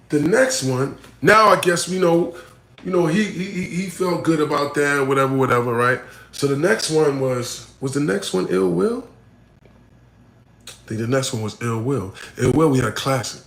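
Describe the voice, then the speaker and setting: Blunt man with echoey room sound. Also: mid-range voice. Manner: swings between loud emphatic points and muttered asides; blunt, repeats himself, full of "you know what I'm saying" and "right?". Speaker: battle rapper. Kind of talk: casual talk to camera answering a fan question.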